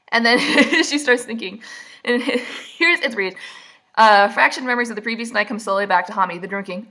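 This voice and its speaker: A woman's voice: medium pitch, lively intonation, fairly quick, bright, forceful tone. A woman recapping a book in a casual, rambling way, full of snarky, mocking asides. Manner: casual and rambling, with many fillers. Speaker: vlogger.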